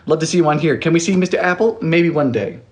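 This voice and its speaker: A man's voice: a little high, fast. A man in his twenties chatting playfully through a live cooking stream, reading viewer comments aloud with a joke for each. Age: 20s. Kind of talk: casual live-stream chat while baking.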